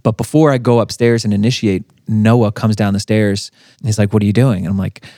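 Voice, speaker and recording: A man in his thirties co-hosting a faith podcast, telling a family story in a relaxed way with fillers and laughs. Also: lowish voice, fairly quick, no room sound, studio quality. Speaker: podcast co-host. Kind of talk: casual faith podcast chat.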